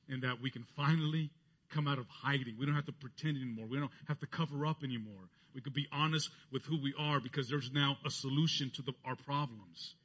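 A man's voice: a bit bright, breathy edge. A man preaching a sermon earnestly, lifting his voice when he quotes others. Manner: earnest preaching, voicing quoted speech with rising pitch. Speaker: pastor.

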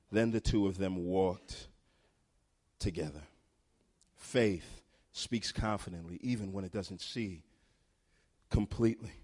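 A man's voice: medium pitch, expressive, measured pace, a little mellow. Emphatic male preacher. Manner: emphatic, builds in intensity. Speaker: pastor. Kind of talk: sermon.

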